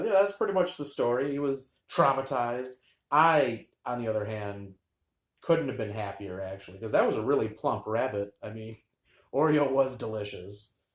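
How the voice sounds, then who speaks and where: A man tells a childhood story in a loose, rambling way, full of fillers and deadpan asides. His voice sits at an ordinary middle pitch. The room around him has a noticeable echo. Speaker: vlogger telling a childhood story. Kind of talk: casual storytelling.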